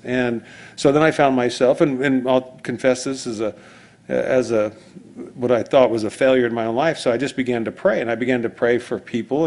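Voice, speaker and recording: Conversational pastor with rambling asides. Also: male voice, mid-range voice, darkish tone. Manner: rambling storytelling with many asides and restarts. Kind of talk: conversational sermon.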